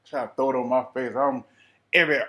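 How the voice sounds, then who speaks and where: A young man with a Southern Atlanta accent tells a funny personal story, his voice sitting at an ordinary middle pitch. He talks in a loose, animated way, heavy with dialect and playful overstatement. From American South. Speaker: vlogger. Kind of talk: comic storytelling monologue.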